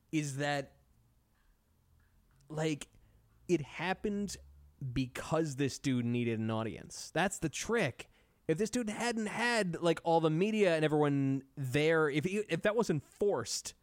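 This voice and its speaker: A man chatting casually on a podcast, telling stories in an animated way with plenty of swearing. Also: on the high side, unhurried, no room sound. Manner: profane, animated storytelling. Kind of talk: casual chat.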